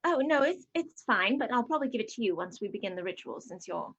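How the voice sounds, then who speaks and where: A woman joining a tabletop game with a husky voice that swings up and down a lot. Her audio sounds dull and lo-fi. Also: a little high, very animated, quick pace. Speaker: player. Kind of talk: tabletop role-play.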